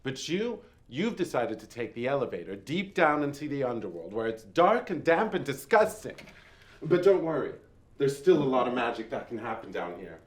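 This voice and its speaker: A man's voice: mid-range voice, very animated, moderate pace, lightly acted. A man voicing a flamboyant, theatrical male djinn spirit with a grandiose, teasing delivery. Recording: roomy echo.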